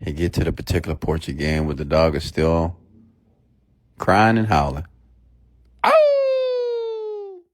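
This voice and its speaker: A man's voice: extremely low pitch, normal speed. A man giving a blunt, emphatic motivational sermon and telling a story to his audience. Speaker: motivational speaker.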